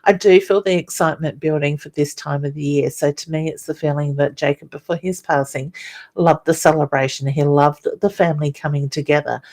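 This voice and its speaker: A middle-aged Australian woman with a low voice hosts a live psychic reading show. She speaks in a soothing, reassuring way, often calling people honey, and she chats casually between readings. She sounds like she is on a webcam mic. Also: darkish tone.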